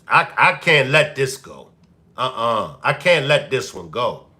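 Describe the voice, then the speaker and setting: Animated man hosting a live commentary. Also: medium pitch, a little slow. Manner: animated, repeats questions to the chat. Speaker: commentary show host.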